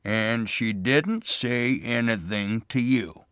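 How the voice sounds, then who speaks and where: A man playing a patient small-town sheriff who asks questions in a measured way. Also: mid-range voice, a bit bright, smooth, no echo, clean studio sound, voice pushed up. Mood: questioning.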